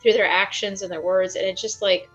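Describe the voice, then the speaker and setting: A woman's voice: medium pitch, steady tone, a little fast, fairly bright tone, muffled recording, faint music behind. A woman chatting as a guest on a livestream and telling a story earnestly and emotionally. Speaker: stream guest. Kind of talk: casual stream chat.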